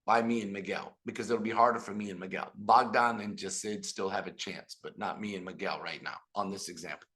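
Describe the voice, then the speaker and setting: A middle-aged man giving an animated motivational business talk on a video call, telling stories and speaking to the audience directly. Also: lowish voice, fairly quick, hardly any pauses. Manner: animated storytelling with audience asides. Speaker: business trainer.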